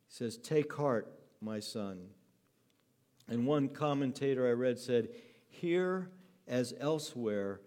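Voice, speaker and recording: A man preaching a sermon to a congregation, telling the story earnestly and growing soft and tender as he speaks. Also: medium pitch. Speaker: pastor. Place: church hall with a congregation.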